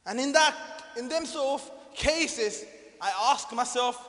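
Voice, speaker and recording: A man preaching a sermon, swinging from loud proclaiming to hushed, quiet lines. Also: extremely high pitch, takes it slowly, pauses often. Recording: echoey hall.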